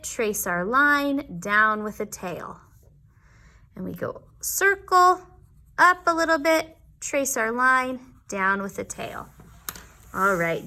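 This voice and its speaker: A woman teaching young children their letters in a patient, sing-song way, sounding out each letter slowly. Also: on the high side, bright, forceful tone. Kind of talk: teaching a children's alphabet lesson.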